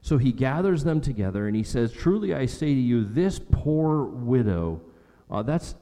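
A man's voice: mid-range voice, expressive, fairly quick, mellow. Male pastor, emphatic repetitive sermon delivery, voice echoing through a large hall. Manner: emphatic preaching with repetition and rhetorical questions.

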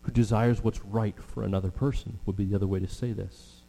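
A man's voice: fairly low pitch, steady tone, vocal fry, dark tone. Preacher man in a reverberant hall. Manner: earnest, drawn-out emphasis with fillers. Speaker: pastor. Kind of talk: sermon. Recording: long hall reverb with mains hum.

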